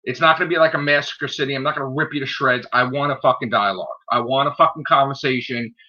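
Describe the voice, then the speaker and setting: A man's voice: medium pitch, fast, sharp tone. A man hosting his own live stream, ranting heatedly with constant swearing and repeating "okay?" after his points. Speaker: channel host. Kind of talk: angry live-stream rant. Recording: dull lo-fi stream audio.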